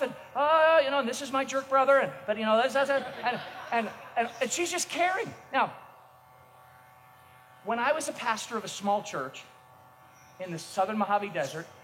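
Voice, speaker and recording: A middle-aged man preaching a sermon as a pastor, telling self-mocking stories with energy and bursts of shouting. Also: very high-pitched. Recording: echoey hall, faint noise.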